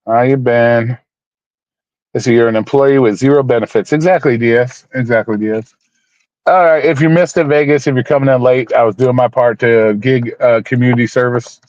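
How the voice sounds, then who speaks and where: A mid-range male voice, steady, a little mellow and at normal speed, with no echo. He hosts a casual livestream, rambling and repeating himself, addressing viewers by name, blunt, mock-preachy and occasionally swearing. The sound is dull, dry lo-fi.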